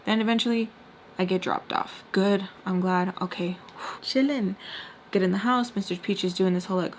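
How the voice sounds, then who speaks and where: A woman vlogger telling a personal story to her viewers in a casual, expressive way, with quick asides and some lines dropped to a whisper. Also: medium pitch. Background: faint heater hum.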